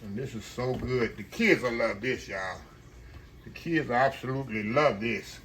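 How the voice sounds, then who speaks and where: A man's voice: medium pitch, measured pace, fairly bright tone, slight background noise. A man giving a casual cooking demonstration, chatting to his viewers and calling them y'all. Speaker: home cook hosting a cooking channel.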